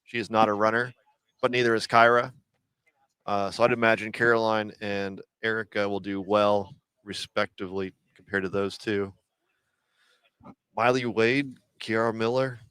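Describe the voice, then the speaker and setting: A man's voice: lowish voice, a bit bright, clean tone, no room sound. A man hosting a podcast, running through athletes and standings in casual commentary. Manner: runs through names and standings. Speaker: podcast host.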